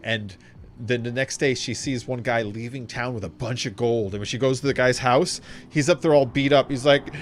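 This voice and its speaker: A man streaming a video game, chatting casually in a rambling, profane, animated way. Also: medium pitch, moderate pace. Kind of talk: casual gameplay commentary.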